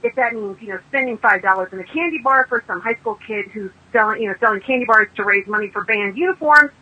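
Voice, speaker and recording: Speaking quickly at a medium pitch over dull audio, an interviewed woman author shares anecdotes. Her delivery is chatty and emphatic, and she imitates the people in her stories.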